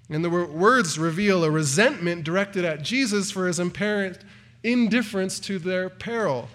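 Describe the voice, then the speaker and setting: A man's voice: sits high, animated, normal speed, fairly bright tone. A man preaching an expository sermon, earnest, rising in emphasis on quoted cries, with occasional stumbles and restarts. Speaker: pastor.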